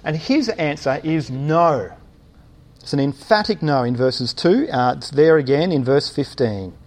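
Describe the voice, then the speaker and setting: Preacher, male, a touch high-pitched, halting delivery full of fillers, rhetorical questions to the congregation. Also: expressive. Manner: thinks aloud with many fillers and restarts, asks rhetorical questions. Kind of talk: sermon.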